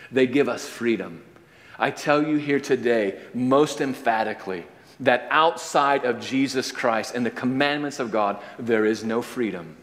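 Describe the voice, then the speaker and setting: A man preaching a sermon as pastor, impassioned, climbing to high emphatic peaks and dropping to low, quiet lines. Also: in a large hall.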